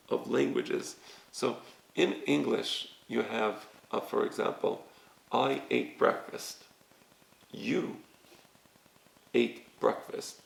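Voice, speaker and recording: A man teaching a recorded lesson, explaining slowly and often checking with "right?". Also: medium pitch, creaky, roomy sound, rough recording. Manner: slow, explanatory, repeats "right?" to check understanding. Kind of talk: recorded lecture on grammar.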